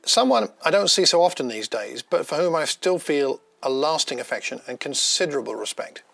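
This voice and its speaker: A man giving a gentle, personal devotional talk, unhurried, with small pauses and restarts. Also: a little high, animated, gravelly, no echo. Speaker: devotional speaker.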